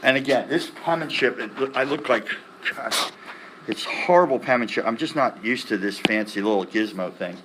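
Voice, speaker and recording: A man teaching music theory in a classroom lecture, animated, firing quick questions at the students and tossing in slang. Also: medium pitch, noisy background. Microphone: laptop recording the lecture. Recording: echoey classroom from a distance.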